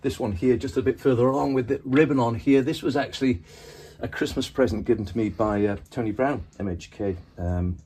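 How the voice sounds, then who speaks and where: A man in a comedy mockumentary talking earnestly and hesitantly about his work, with many pauses and ums. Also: medium pitch, mellow, slightly rough. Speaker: radio programmer character in a mockumentary. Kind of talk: comedic deadpan interview.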